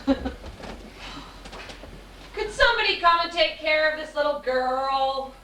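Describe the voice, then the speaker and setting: A woman's voice: high-pitched, expressive, slow, bright, forceful tone, far from the mic, full character voice. A woman playing a brusque casting director in a live stage comedy sketch, speaking curtly and dismissively. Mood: impatient. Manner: curt, dismissive. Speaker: stage actor. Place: theatre stage with an audience. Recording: echoey live theatre recording from afar, audience noise.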